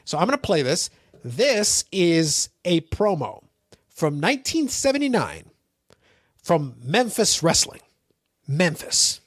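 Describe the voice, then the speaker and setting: A man hosting a podcast in casual chat, teasing and animated as he plays a clip for his co-host. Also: a little high, takes it slowly, slightly rough, dry recording, clean studio sound.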